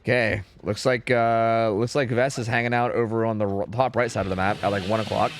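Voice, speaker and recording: A man streaming and casually commentating a competitive match, chatty and profane, thinking out loud. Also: lowish voice, steady tone, a little fast, slight background noise.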